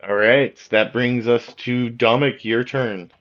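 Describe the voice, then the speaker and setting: A man narrating combat as game master, in a relaxed way with many fillers. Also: medium pitch, unhurried, lo-fi sound, soft background music. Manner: relaxed, filler-heavy descriptions.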